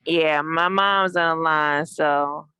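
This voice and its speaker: Young woman calling in, low-ish voice, eager and thankful, kinda rushed. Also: fairly even intonation, sharp tone, clear, resonant tone, dry recording. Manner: eager and grateful, a little rushed. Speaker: caller. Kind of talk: testimony on a call.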